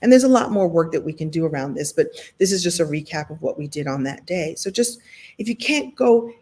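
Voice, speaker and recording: Animated woman coaching with playful asides. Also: deep voice, a little fast, breathy edge. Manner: animated, playful asides, laughs often, acts out little scenes. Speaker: motivational coach hosting a live recap. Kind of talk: lively motivational talk to an online audience.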